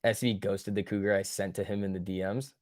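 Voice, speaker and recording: On a stock market livestream, a man with a lowish, darkish voice talks briskly in a level tone. He chats casually with his viewers, joking and swearing as he reacts to their comments.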